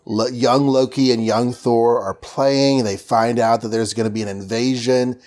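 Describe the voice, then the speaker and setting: A man's voice: mid-range voice, fairly even intonation, unhurried, a little mellow. A man co-hosting a casual podcast chat, hesitant with fillers and dry asides. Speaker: podcast co-host. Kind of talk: casual chat about comics.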